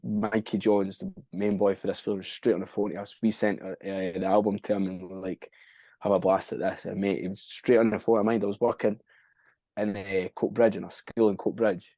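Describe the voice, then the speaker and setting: A man's voice: on the low side, flat delivery, brisk, warm tone, no echo. A young Scottish man, a band frontman, chatting casually as a podcast guest, rambling, swearing freely and losing track of dates. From Scotland. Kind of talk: casual interview chat.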